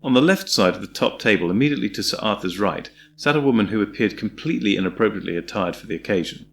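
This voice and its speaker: A man reading an audiobook in a measured, descriptive storytelling manner. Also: fairly low pitch, vocal fry. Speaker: audiobook narrator. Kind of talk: scripted audiobook narration.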